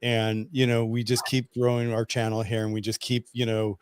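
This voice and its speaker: A male host in casual conversation, talking in an animated, storytelling way. His pitch sits in an ordinary middle range. The sound is dry and close, with almost no room echo. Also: normal speed, smooth. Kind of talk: casual chat.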